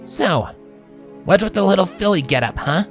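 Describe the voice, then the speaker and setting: A man's voice: high voice, animated, moderate pace, soft background music, voice pushed up. A man voicing a brash, hot-tempered young pegasus filly who talks in a snappy, aggressive way. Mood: angry.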